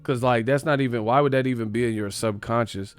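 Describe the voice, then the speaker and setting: A man casually telling a wild, profane story on his livestream, emphatic and animated. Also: medium pitch, fast talker, clean tone, faint music behind. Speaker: boxing livestream host.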